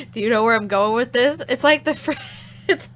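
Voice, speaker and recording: A woman's voice: on the high side, animated, normal speed, a bit bright, slight background noise. A woman streamer chatting casually while playing a game, giggly, crude and rambling. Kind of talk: casual gameplay chat.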